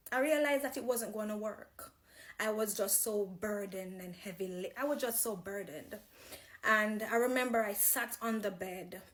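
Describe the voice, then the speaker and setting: Jamaican woman, testimony speaker, unhurried, pausing and restarting as she recalls. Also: mid-range voice. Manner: slow, reflective, with pauses and restarts. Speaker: person giving a testimony. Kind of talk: personal faith testimony.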